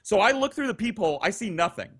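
A man's voice: sits high, quick pace, slightly rough. A man telling a crude anecdote on a podcast, swearing freely and acting out the voices of the people in his story, heard over a video call. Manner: profane, animated, acts out quoted voices. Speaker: guest storyteller.

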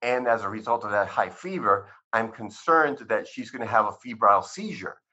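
A man's voice: lowish voice, normal speed, bright, forceful tone, slightly rough, lo-fi sound. A man quoting a worried father pleading for help. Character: worried middle-aged immigrant father, pleading.

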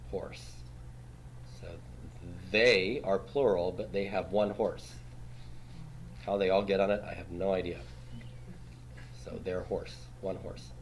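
A man with a low-sitting voice gives a classroom grammar lecture, patiently stepping through rules on a board, quizzing students and tagging his points with "right?". A little hiss or hum is audible.

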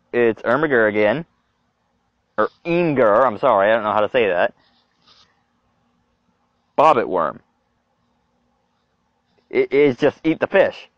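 Young man, reaction commentary, lively up-and-down voice, dull dry lo-fi recording. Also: fairly low pitch, dry recording. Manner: animated, exclaiming, talks to himself. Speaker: video creator.

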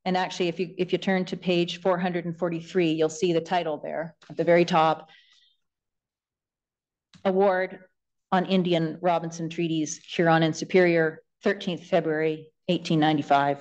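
A woman lawyer making a formal closing submission in court, reading passages aloud from documents in a measured way. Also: on the low side, flat delivery, a little mellow, dull audio. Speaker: government lawyer.

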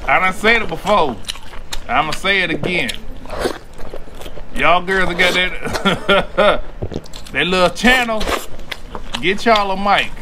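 A man's voice: high voice, background noise. A man hosting a reaction video, giving loose, joking running commentary full of swearing.

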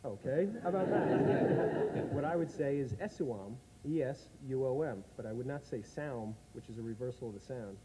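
A man's voice: medium pitch, fairly quick, hardly any pauses, background noise. An American man as a chat show guest, genially and patiently explaining his odd talent. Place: studio with live audience.

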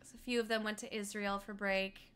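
A woman's voice: mid-range voice, little pitch movement, a little fast, fairly bright tone, clean tone. A young woman from Colorado in her twenties, chatting casually with her stream while gaming, laughing often and answering chat. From Colorado, United States.

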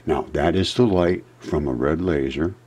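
Low, husky male vlogger; rambling, self-interrupting delivery. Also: normal speed, darkish tone. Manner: meandering, loses track and restarts. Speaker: amateur science vlogger. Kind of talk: rambling storytelling and explanation.

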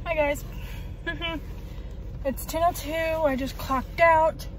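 A woman's voice: sits high, steady tone, takes it slowly. A woman chatting casually through a daily vlog, rambling with lots of ums, talking while she drives her car. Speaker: vlogger. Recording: loud car engine noise. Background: car and road noise.

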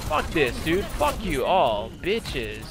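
High, swooping young man raging at a game. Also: big pitch swings, music in the background. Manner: profane, quick to rage, frustrated outbursts. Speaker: gaming channel host. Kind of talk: live gameplay commentary.

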